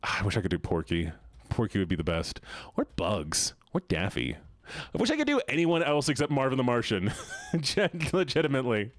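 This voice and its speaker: A man's voice: mid-range voice, huge pitch swings, normal speed, no echo. A man streaming a game live, chatting casually with his chat, joking and laughing often, at a desk mic at home.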